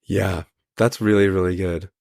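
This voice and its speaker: A man hosting a podcast interview, relaxed and affirming, with casual fillers. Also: low voice, moderate pace, gravelly, no room sound, clean studio sound. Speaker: podcast host.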